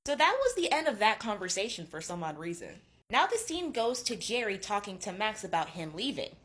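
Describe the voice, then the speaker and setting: A young woman in her twenties recapping a book in a gossipy, casual way. Her voice swings widely in pitch as she reacts. She swears freely, like chatting with a friend. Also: sing-song, a little fast, a bit bright. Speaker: booktuber.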